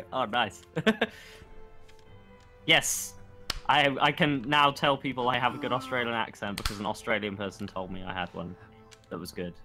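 A young man with a bright, forward voice chats with a friend over a video game. He is playful and quick to laugh. Faint music runs under his talk. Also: medium pitch, steady tone. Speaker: gamer. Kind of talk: casual gaming chat.

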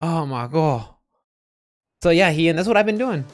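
Worked-up guy streaming a fighting game, swearing and yelling, voice bouncing all over, faint game music behind. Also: fairly high pitch, normal speed. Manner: excitable, cursing, bursts into shouts. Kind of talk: live gameplay commentary.

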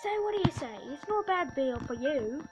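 A courteous young pokémon trainer with a put-on British accent and a formal, genteel way of issuing a challenge, as a woman puts him on. The voice sits high. Game music plays behind. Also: lively intonation, a little fast, rough recording. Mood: courtly challenge.

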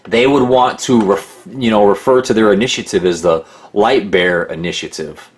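A man with a deep voice talks through a critical documentary in a loose, rambling way. He is sarcastic and mocking, full of asides and restarts. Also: moderate pace. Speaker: documentary narrator. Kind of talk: casual critical commentary.

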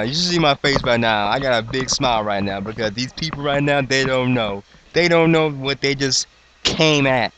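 A man in his twenties hyping up his rap crew, boastful, excitable and mock-dramatic. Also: mid-range voice, moderate pace, background noise. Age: 20s. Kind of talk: hyped comedic freestyle intro.

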